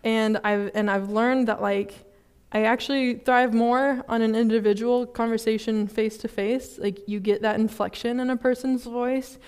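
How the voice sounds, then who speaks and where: A young woman giving a sermon at a student fellowship, casual and chatty, with many fillers and quick laughs at herself. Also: on the high side, fairly even intonation, a little mellow, smooth. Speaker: student ministry speaker. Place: church service hall.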